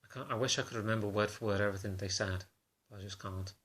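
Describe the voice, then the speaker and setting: A man talking to camera in a confessional vlog, halting and self-conscious in a subdued, low-key way. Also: fairly even intonation, a bit bright, breathy edge. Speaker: vlogger.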